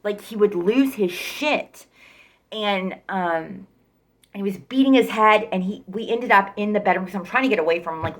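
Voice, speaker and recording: A woman's voice: mid-range voice, normal speed. A woman telling her own story casually and bluntly, rambling and swearing freely.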